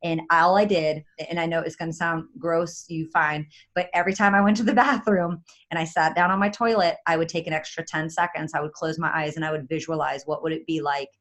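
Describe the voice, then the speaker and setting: A woman giving an energetic, chatty motivational talk as a guest on a video call, with many fillers. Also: sits low, a little fast, few pauses. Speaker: guest speaker.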